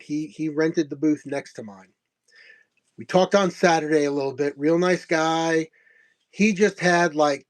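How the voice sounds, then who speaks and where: A middle-aged man hosting a comics stream, telling a rambling story in a casual way, chuckling often and acting out what others said. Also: on the high side. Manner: rambling, chuckling, acts out quoted dialogue. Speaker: host of a comics selling stream.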